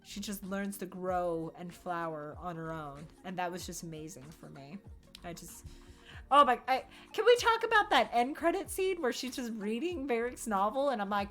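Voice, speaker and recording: An excitable young woman chats casually on her stream, breaking into laughs and playful swearing as she acts out little quotes. Her talk swings up and down with enthusiasm. Faint music plays behind her. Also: mid-range voice, moderate pace. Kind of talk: casual chat.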